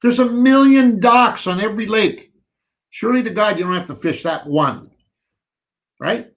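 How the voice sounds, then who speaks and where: A man's voice: high-pitched, moderate pace. A man co-hosting a live fishing show, chatting animatedly and reading out viewer questions.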